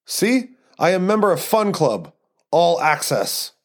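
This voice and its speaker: A swaggering Eastern European showoff, as a man puts him on, his voice pushed up high above his own. He drags out his boasts with smug ease, a figure in a spoken story podcast. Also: big pitch swings. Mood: boastful. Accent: put-on Eastern European. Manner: cocky, drawn-out boasting. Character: brash cigarette-waving man boasting VIP status.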